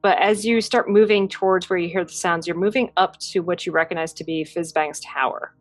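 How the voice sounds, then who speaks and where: A woman's voice: fairly low pitch, fairly quick, no echo, soft background music. Chatty woman game master, dry sound. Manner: relaxed, chatty, laughs often. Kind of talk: narrating a tabletop game.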